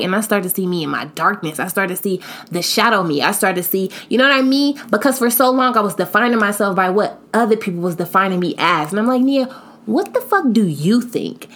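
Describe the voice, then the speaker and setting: Expressive woman in her late twenties, emphatic. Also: mid-range voice. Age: 20s. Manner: emphatic, expressive, slangy, talks straight to listeners. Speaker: podcast host. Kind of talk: candid reflective monologue.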